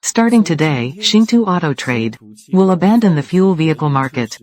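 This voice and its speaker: For this dubbed drama, a mid-range, darkish voice close to everyday speech plays multiple corporate rivals. Expressive and at normal speed, it delivers brief, confrontational threats about who controls a company.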